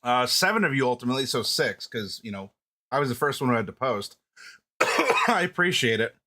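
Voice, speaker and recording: A man's voice: medium pitch, sing-song, moderate pace, bright, forceful tone. A man hosting a livestream in a playful, chatty way. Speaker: livestream host. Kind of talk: casual livestream chat.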